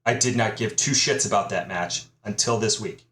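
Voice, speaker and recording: A man's voice: fairly low pitch, moderate pace, bright, forceful tone. A man co-hosting a podcast in casual chat, easygoing and agreeable, speeding up when he makes a point. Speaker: podcast co-host. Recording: echoey room.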